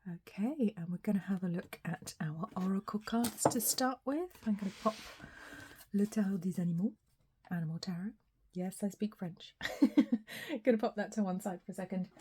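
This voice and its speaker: A woman giving a casual tarot reading, her voice a little hoarse from a recent cold, chatty and often laughing. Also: mid-range voice, normal speed, slight background noise. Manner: chatty, laughs often, some soft whispery asides. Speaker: tarot reader.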